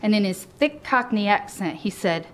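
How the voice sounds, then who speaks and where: A woman's voice: mid-range voice, expressive, normal speed. Woman, author reading her memoir, candid storytelling, giggly, cheeky, faint noise behind. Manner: giggly, laughs often between lines; frank and cheeky.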